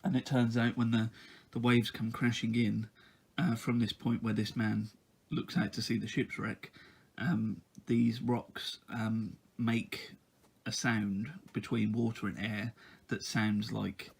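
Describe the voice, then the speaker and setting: A man's voice: lowish voice, little pitch movement, takes it slowly, gravelly, husky. A man giving a casual book review, talking in a hesitant way with lots of ums and uhs.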